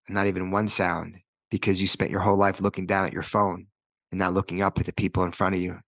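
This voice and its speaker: A man's voice: lowish voice, a bit bright, no room sound. A man in his forties giving a motivational talk, walking through numbered points with personal stories and acted-out quotes. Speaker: motivational speaker and author.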